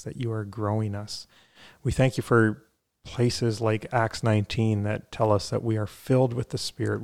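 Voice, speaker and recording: Low, flat-voiced earnest man. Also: vocal fry. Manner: earnest, halting with fillers. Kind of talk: podcast conversation and prayer.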